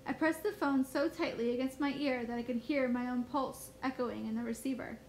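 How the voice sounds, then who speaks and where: A woman teacher reading a first-person novel aloud in a steady storybook manner. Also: sits high, a little fast, slight background noise, low-quality recording.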